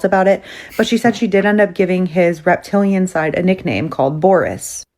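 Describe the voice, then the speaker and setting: A woman retelling a strange story in a brisk, conversational way, slipping in quoted dialogue. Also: fairly low pitch, a little mellow.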